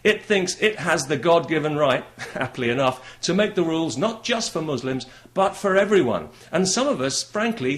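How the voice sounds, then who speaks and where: A man with a British accent delivering a combative political monologue, sarcastic and mocking in tone. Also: on the high side. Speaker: political commentator. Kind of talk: monologue commentary to camera.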